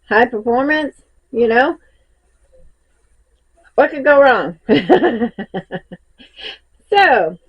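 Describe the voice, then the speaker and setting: Woman, Southern US accent, slow unhurried talk, slightly high voice, a bit breathless, dull lo-fi sound. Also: breathy edge. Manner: rambling, folksy, laughs often. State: a little out of breath. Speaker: crochet vlogger. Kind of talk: casual vlog chat.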